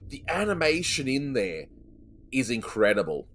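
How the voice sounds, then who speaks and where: A man hosting a casual podcast chat, enthusiastic and quick to laugh. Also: mid-range voice, very animated, loud music behind the voice. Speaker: podcast host.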